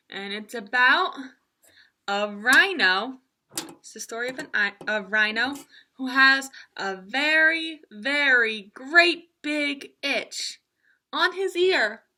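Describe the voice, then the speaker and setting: Children's librarian, woman, slow and playful storyteller with a bright, higher voice and sound effects. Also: slight background noise. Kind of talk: children's story time reading.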